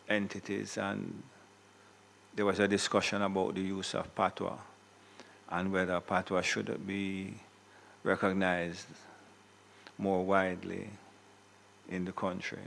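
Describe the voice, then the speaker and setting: A Jamaican man presiding over a senate sitting, giving a measured formal tribute with occasional self-corrections. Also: low voice, creaky, fairly bright tone, slight background noise. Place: senate chamber.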